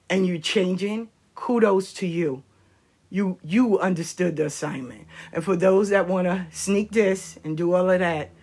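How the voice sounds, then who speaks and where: A woman speaking as a spiritual practitioner on a live stream, heated, profane and confrontational, swinging between shouts and low, pointed asides. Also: slightly rough.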